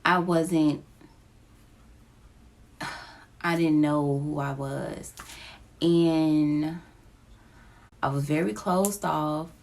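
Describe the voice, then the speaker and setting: Slow, emotional woman with a gravelly voice. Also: sits low, fairly even intonation, darkish tone. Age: adult with children. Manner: slow, halting, emotional, near tears. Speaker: vlogger. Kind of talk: personal confessional vlog. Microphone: phone app recording.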